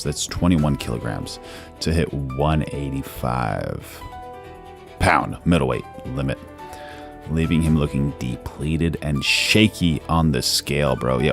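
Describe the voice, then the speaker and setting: A man's voice: a bass voice, creaky. A man hosting a live stream, giving casual news commentary, reading chat aloud and calling everyone "bro". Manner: laid-back, calls everyone "bro", reads chat aloud.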